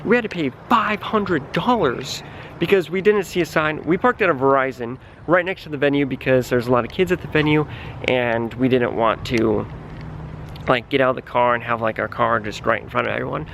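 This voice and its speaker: A man's voice: mid-range voice, fairly quick, creaky, fairly bright tone, slight background noise. A young man vlogging, telling a story in a chatty, dramatic way and often saying "like". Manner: chatty, dramatic, heavy use of "like". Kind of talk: casual storytelling to camera.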